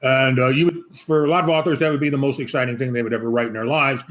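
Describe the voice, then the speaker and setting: A man's voice: mid-range voice, fairly even intonation, very fast, a bit bright. A man talking as an author guest in a casual interview, rambling and joking with many restarts. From Chicago.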